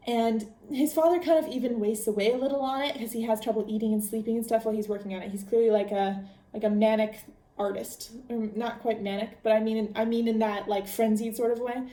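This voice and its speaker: A woman hosts a podcast and retells a book casually, rambling and correcting herself as she goes. Her voice sits fairly high with a mellow, soft tone. The recording sounds roomy and echoey. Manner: chatty, rambling, self-correcting with fillers. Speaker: podcast host. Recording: echoey room.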